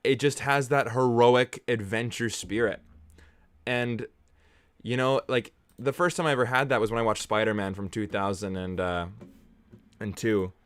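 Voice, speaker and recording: Smooth-voiced man muttering movie commentary. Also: medium pitch, moderate pace, no room sound. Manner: muttered reactions with bursts of excitement; laid-back, swears casually. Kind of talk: casual watch-along commentary.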